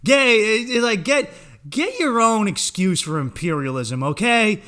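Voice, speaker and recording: A man's voice: high voice, expressive, a little slow, sharp tone. A man in his thirties hosting a podcast, ranting alone in a comedic way, swearing freely and laughing at his own jokes. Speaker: podcast host. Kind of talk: solo comedic rant.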